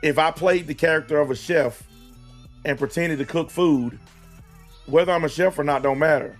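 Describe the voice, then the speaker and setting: A fairly high-voiced man argues bluntly on a casual podcast. He swears freely and drags his words out to hammer each point home. Music plays faintly underneath. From American South. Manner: blunt and emphatic, profane, slows down to stress points. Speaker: host.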